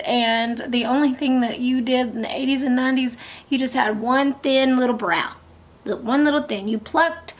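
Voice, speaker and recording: Chatty middle-aged woman with a gravelly voice. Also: a little high. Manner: chatty, rambling, with frequent soft half-whispered asides. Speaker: beauty vlogger. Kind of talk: makeup tutorial chat.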